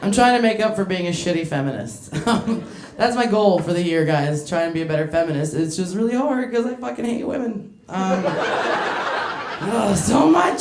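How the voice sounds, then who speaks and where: A woman's voice: fairly low pitch, echoey room. A woman doing a stand-up comedy set in a club, brash and crude, working the crowd and laughing between her lines.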